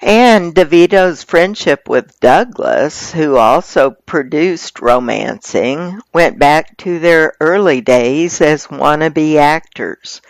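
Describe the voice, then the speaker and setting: A slow, unhurried reader working through magazine articles aloud, paced and even. The voice sits in a middle register and sounds close and dry, with no room around it. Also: medium pitch, no echo.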